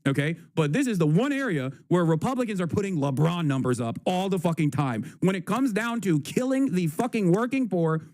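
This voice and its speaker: A man gives sarcastic, profanity-laced political commentary on a livestream. He pushes his points combatively and in a high voice. The sound is dry and close. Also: a little mellow, no room sound. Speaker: livestream host.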